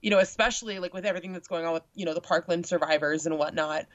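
A young woman chatting casually about a cosplay meetup, with lots of filler words and animated quoting. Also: lowish voice, racing, dry recording. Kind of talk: casual chat. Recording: dull lo-fi sound.

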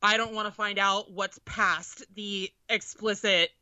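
Young woman, bright voice, animated storyteller, casual chat, dull lo-fi sound. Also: medium pitch, a little slow, no room sound. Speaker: podcast co-host.

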